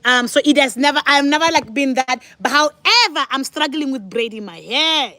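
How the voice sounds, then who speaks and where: Casting: chatty mom vlogger in her forties, high voice, loose and talkative. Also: animated, normal speed, pushed and bright, no echo. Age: 40s. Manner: chatty, talks to viewers, laughs often. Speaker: vlogger, mother. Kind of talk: casual sit-down chat.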